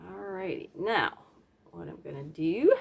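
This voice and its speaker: A woman talks her way through a messy craft project in a relaxed, chatty voice. She pokes fun at herself and tosses in little hums and silly sound effects as she works at her table at home. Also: on the low side, unhurried, vocal fry, slight background noise. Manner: chatty, self-deprecating, hums and makes playful sound effects. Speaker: craft vlogger. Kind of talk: casual narration while painting.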